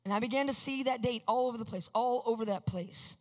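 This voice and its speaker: A woman's voice: a little high, fast talker. Woman preaching in a reverberant hall. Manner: emphatic, swings from hushed to loud. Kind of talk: sermon testimony.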